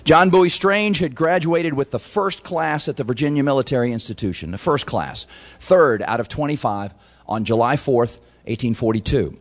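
A man's voice: mid-range voice, moderate pace. A man giving a history lecture to an audience, telling it as a story with wry asides.

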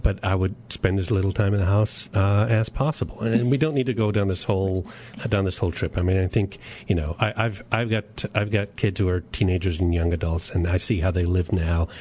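A man's voice: deep voice, fairly even intonation, a little fast, darkish tone, slight background noise. A man in his fifties hosting a radio talk show, chatting casually with his guest and often repeating words as he stammers to get started. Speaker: radio host. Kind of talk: radio interview, casual conversation. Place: radio studio.

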